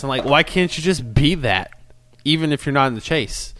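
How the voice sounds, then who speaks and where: A man's voice: mid-range voice, normal speed, a bit bright. A man in a casual chat as a podcast co-host, cynical and rambling, often restarting his sentences. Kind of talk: casual chat about wrestling.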